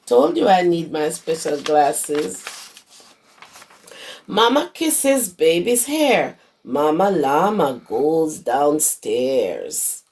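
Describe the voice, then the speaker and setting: A hoarse woman who teaches preschool, reading a picture book aloud to young children and stopping to explain words. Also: deep voice, big pitch swings, very slow, darkish tone. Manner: explains words to small children as she reads. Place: her home.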